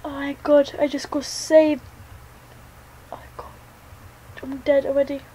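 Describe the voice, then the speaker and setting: A high-pitched woman narrates her game as she plays, jumpy and thinking aloud. She talks slowly and mutters her next moves as they come to her. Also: level tone, warm tone, low-quality recording. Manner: jittery, talks to herself while playing. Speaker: gaming channel host. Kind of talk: let's play commentary.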